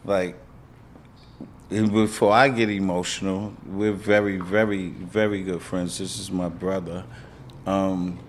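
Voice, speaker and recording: A man's voice: low-pitched, a little hiss or hum. A middle-aged man with a New York accent, hosting an interview and speaking plainly and with emotion. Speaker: podcast host. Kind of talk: interview conversation.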